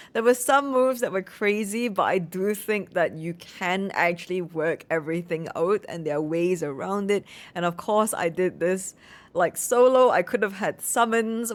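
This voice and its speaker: A woman talking herself through a game boss fight, swearing and exclaiming as she plays. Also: mid-range voice. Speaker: gameplay streamer. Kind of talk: live gameplay commentary.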